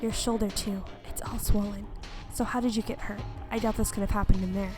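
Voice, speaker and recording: A woman voicing a possessive, menacing young man, reading a game character's lines aloud in a cold, quiet, controlling way. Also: medium pitch, steady tone, a little fast, music in the background, pitched below the performer's own voice, lightly acted. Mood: interrogating.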